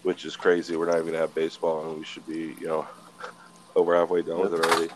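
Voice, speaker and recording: A man's voice: deep voice, monotone, fast talker, a little hiss or hum. A man in his twenties, a podcast co-host, telling a rambling, swear-filled story in casual chat.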